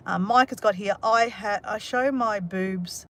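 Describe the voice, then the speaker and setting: An Australian woman talks on a livestream in a loose, rambling way, trading dry, sarcastic jokes with viewers as she reads their comments aloud. Her voice sits at an ordinary middle pitch, with a faint hum of room noise behind her. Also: a little slow, fairly bright tone. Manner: chatty and rambling, with self-mocking sarcastic humour. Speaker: livestream host. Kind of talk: casual live chat reading comments.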